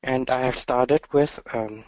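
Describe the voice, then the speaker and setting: Man, meditation teacher, dharma talk, soft-spoken, halting, very slow, dry close sound. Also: medium pitch, fairly even intonation, dry recording, muffled recording.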